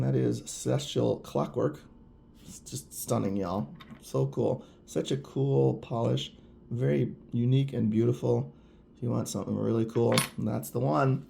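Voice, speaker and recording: A man's voice: mid-range voice, vocal fry, mellow, slight background noise. A man chatting casually and enthusiastically to viewers while reviewing products. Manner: gushing, chatty, addresses viewers directly. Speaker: nail polish reviewer.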